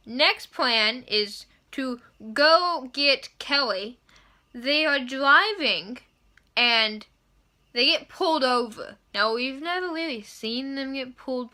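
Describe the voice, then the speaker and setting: Excitable high bright-voiced young woman. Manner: gushing, swears, acts out her reactions. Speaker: TV episode reviewer. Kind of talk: excited casual review monologue.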